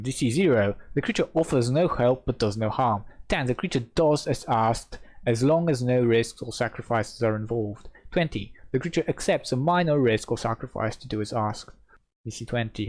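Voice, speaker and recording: A man's voice: mid-range voice, darkish tone. Man reading rules aloud. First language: Polish. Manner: reads rule text steadily, then gives loose, self-doubting asides. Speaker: host reading a game rulebook aloud. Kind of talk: rulebook readalong with commentary.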